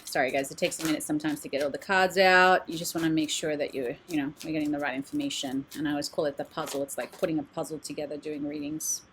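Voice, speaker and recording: A woman's voice: low voice, steady tone, fast talker, few pauses, a bit bright, slight background noise. A woman hosting a casual live-stream oracle card reading, talking candidly and reading messages aloud, recorded at home in a closet she uses as a studio. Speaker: oracle card reader and meditation channel host.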